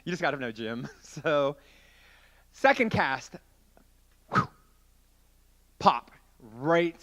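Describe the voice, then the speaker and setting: A man preaching to a youth group, telling a long story in a chatty, animated way and acting out the scenes as he goes. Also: fairly high pitch, slow. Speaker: youth pastor.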